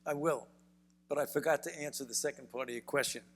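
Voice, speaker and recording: An older man with a Brooklyn accent, a physician telling stories in a measured way during an onstage interview. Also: fairly high pitch, fairly even intonation, big-room sound. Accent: Brooklyn, New York. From United States. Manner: measured storytelling, frequent repeated words. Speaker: physician and author, interview guest. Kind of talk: onstage conversation. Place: university event hall.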